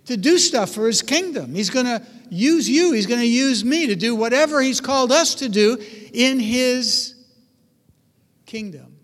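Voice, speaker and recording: A man preaching a sermon, telling stories with animated delivery and acting out voices. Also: very high-pitched, a little slow, in a large hall. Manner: animated storytelling, acts out voices. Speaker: pastor.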